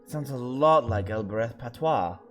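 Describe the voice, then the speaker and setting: A man streaming a story game, reading the lines of several characters aloud and slowly sounding out invented words. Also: mid-range voice, animated, a bit bright, soft background music.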